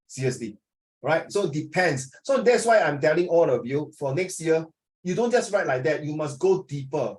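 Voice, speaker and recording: A man's voice: fairly high pitch, animated, normal speed, a little mellow. Joking Singaporean male teacher. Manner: joking, asks students questions, mixes in Mandarin. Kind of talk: classroom lesson.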